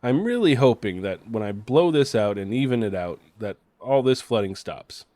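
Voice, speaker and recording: A man streaming a video game, talking to his chat in an excitable, chatty way with casual swearing. His voice is of middling male pitch and sounds dry, close to the mic. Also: normal speed, no echo. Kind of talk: casual gameplay commentary.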